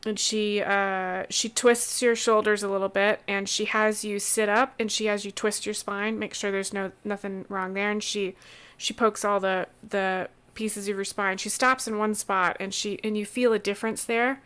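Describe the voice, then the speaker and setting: A woman narrates a tabletop role-playing game as its game master. She talks in an easygoing, stop-start way, often restarting her sentences. Her voice sits at a middling pitch for a woman. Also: smooth. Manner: relaxed, halting narration with many restarts.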